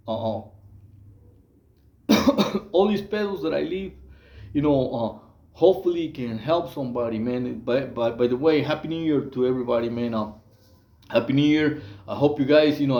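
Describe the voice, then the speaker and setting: A man's voice: mid-range voice, normal speed, echoey room, highs cut off. A man from Mexico, casually telling prison stories in a rambling way, full of fillers, restarts and slang. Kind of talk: casual storytelling monologue.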